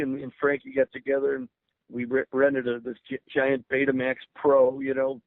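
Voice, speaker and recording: An older man with a gravelly voice tells stories as a guest on a radio show. He speaks eagerly, restarting words and laughing as he goes. His voice comes over a narrow, tinny phone line with no room sound. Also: medium pitch, dry recording. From Berwyn, Illinois, USA. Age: 60s. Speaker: guest musician. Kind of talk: radio interview storytelling.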